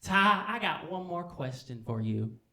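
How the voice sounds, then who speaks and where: A man voicing an excitable young male soldier from a small town who gushes and keeps repeating his friend's name. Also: a little high, measured pace, roomy sound, a crowd in the background, pitched above the performer's own voice. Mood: eager. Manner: eager, gushing, repeats your name.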